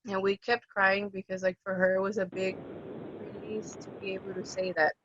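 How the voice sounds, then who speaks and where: A young woman in end-of-life caregiving tells an animated personal story at a medium pitch and moderate pace, acting out each person's voice. The lo-fi recording is dull and dry, and there's noise in the background.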